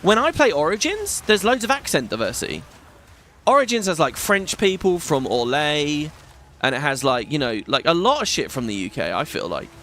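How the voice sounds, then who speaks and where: A sing-song, high-leaning male voice moves at a moderate pace, fairly bright, with a little hiss or hum in the recording. This British gaming YouTuber in his thirties rambles chattily through casual commentary, swearing and restarting plenty.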